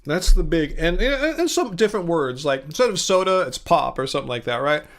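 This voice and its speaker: A man's voice: a little high, expressive, a little fast, a bit bright. An American man hosting a casual livestream, eating while he talks and rambling through viewer comments with many fillers and restarts. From United States. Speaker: livestream host.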